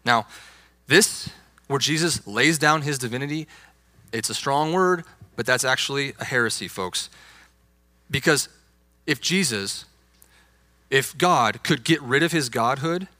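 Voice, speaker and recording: A man's voice: mid-range voice, a little slow, sharp tone, no room sound. A young adult man, a youth pastor, preaching a sermon with emphatic, insistent stress on key words.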